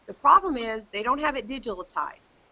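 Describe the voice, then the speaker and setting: A woman's voice: on the high side, big pitch swings, a little fast, gravelly, bright, forceful tone. A woman, a guest author, chatting casually and rambling on a video call. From South Dakota. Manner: chatty, rambling with restarts, mimics others' voices. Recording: slightly dull lo-fi call audio.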